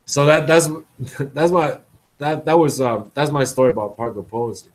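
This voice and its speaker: A man's voice: medium pitch, moderate pace, poor audio. Rambling man chuckling through a story. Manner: repetitive, restarts often, chuckles between phrases. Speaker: blogger. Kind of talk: casual rambling monologue.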